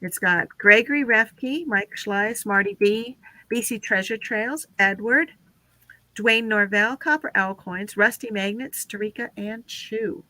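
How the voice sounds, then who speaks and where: A woman's voice: mid-range voice, unhurried, sharp tone, no room sound. Chatty woman hosting a live stream. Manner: chatty, runs through lists with filler "um"s. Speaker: livestream host. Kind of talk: casual live-stream chat.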